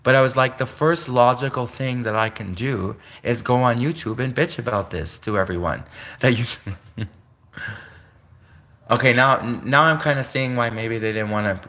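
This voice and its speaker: A man's voice: mid-range voice, moderate pace, pushed and bright. Indignant ranting Canadian man. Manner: indignant, sarcastic, repetitive ranting. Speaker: channel host. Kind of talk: ranting vlog monologue.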